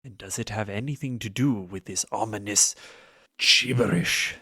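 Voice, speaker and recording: Grave elder lizard god, voiced by a man, husky, measured, dry. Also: lowish voice, no room sound. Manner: measured, grave, quietly speculative. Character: calm elder male lizard-folk god.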